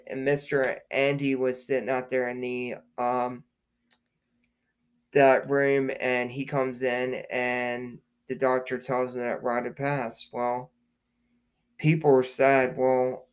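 A man hosts a casual podcast in a mid-pitched voice. He talks slowly and loosely, circling back on his words and filling the gaps with ums and likes. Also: smooth. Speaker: podcast host.

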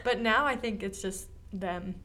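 A woman's voice: mid-range voice, measured pace, bright, forceful tone. A young woman co-hosting a podcast, chatting casually and using lots of filler words. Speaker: podcast co-host. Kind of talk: casual chat.

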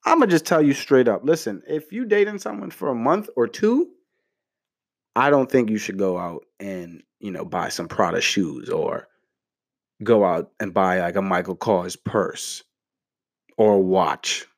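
With lively intonation and a measured pace, a young man playfully offers relationship tips to the camera in slangy, casual talk. He jumps higher in pitch to act mock-outraged.

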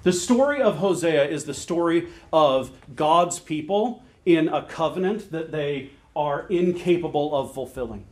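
A man preaching a sermon, earnest and emphatic, repeating phrases and slowing down to stress key words. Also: fairly high pitch, animated. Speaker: pastor.

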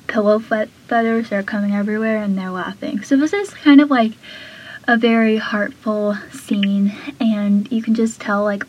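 Over poor audio, a woman with a medium-pitched voice hosts a casual episode recap. She's chatty and full of fillers, slipping into whispery asides and laughing between lines.

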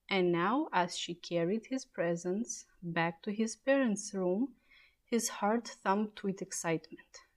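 Slow, measured woman storyteller. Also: medium pitch, darkish tone. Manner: clear, measured reading aloud. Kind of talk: storybook reading.

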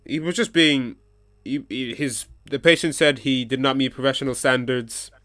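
A man's voice: medium pitch, fairly even intonation, moderate pace, fairly bright tone, dry recording. A man hosting a casual podcast chat, reading out a news story and insisting his friends listen. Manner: reads news articles aloud to friends. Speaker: podcast host.

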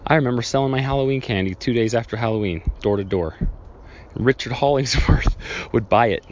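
A man's voice: brisk, slight background noise. Rambling male podcast host, dull lo-fi sound. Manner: rambling, self-correcting, acts out childhood scenes with raised pitch. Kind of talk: reflective solo podcast storytelling.

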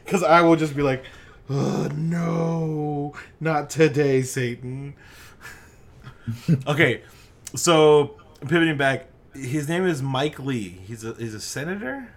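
A man's voice: on the high side, expressive, slow, pauses often. A man in casual chat, telling a story with lots of swearing and mimicked voices.

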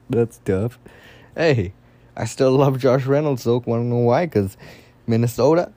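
A young man giving casual solo fantasy football commentary, excitable and rambling, swearing often. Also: on the low side.

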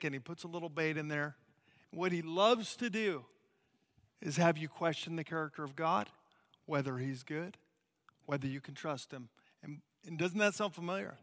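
Animated American man preaching in a hall. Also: on the high side. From United States. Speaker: missionary preacher. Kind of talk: sermon.

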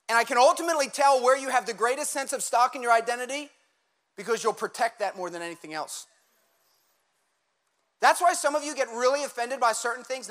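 A male pastor giving a conversational, animated sermon in a church, with quick asides and laughter. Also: extremely high pitch.

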